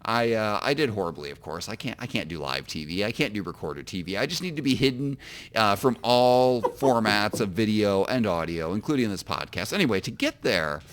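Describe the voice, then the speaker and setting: A man's voice: fairly low pitch, animated, brisk, a bit bright, a little hiss or hum. A man from Illinois, an author co-hosting a casual podcast, who tells rambling, self-deprecating stories. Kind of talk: casual comedic podcast storytelling.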